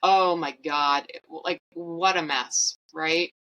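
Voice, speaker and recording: A woman's voice: sits low, steady tone, slow, sharp tone, low-quality recording. A woman hosting a podcast, telling a personal story in a chatty, rambling, candid way. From Canada. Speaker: podcast host.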